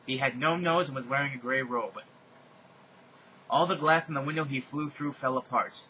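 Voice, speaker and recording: A man giving a mocking dramatic reading in a deadpan tone with sarcastic asides. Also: medium pitch, normal speed, highs cut off, slight background noise. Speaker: reader.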